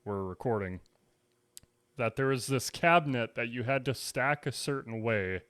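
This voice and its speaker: A man's voice: mid-range voice, lively intonation, normal speed, a bit bright, dry recording. A man co-hosting a podcast, chatting casually and prompting his friend with questions. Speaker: podcast co-host. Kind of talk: casual chat.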